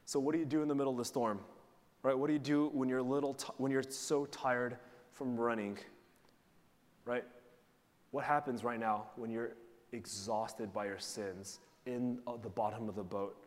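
A man preaching a sermon to his congregation in a church sanctuary. His voice sits at an ordinary middle pitch, and he keeps asking the listeners questions in an easy, conversational way. Long reverb from the large hall trails after his words. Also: fairly even intonation, normal speed. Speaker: pastor.

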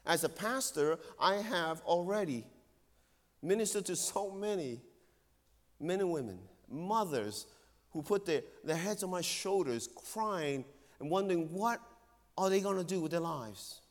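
A man with a fairly high voice preaches a sermon as a pastor. He speaks earnestly, pressing hard on some phrases and sinking to near-hushed tones on others. His voice rings with long reverb in a large hall. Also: expressive, unhurried. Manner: earnest, swings between loud emphasis and hushed low tones.

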